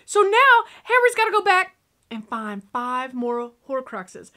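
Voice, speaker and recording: Woman, reaction vlogger, high bright voice, excitable casual commentary. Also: normal speed. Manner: animated, exclaiming and joking aloud. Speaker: reaction video host.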